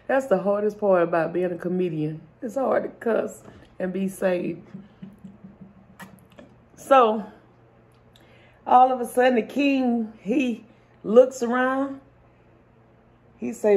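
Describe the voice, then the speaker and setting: A woman's voice: mid-range voice, takes it slowly, pauses often. Sleepy woman vlogger telling jokes. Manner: animated storyteller, laughs often. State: half asleep. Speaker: mukbang vlogger and comedian. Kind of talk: joke-telling while eating.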